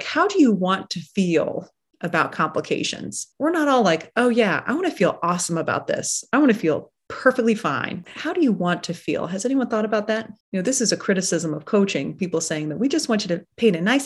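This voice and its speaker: A woman surgeon and coach presenting a webinar, talking through slides in a reflective, conversational way with many fillers. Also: mid-range voice.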